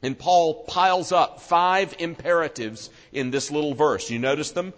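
A man preaching an expository sermon, earnest and slowing down for solemn emphasis. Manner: earnest, slows and drops low for solemn emphasis. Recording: long reverb of a large hall.

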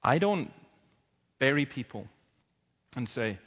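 A man's voice: mid-range voice, sing-song, slow pace, breathy edge. A man preaching a sermon in an emphatic, urgent way, his voice rising sharply at points of stress. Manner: emphatic, urgent preaching with sudden loud rises. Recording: dull sound with long hall reverb.

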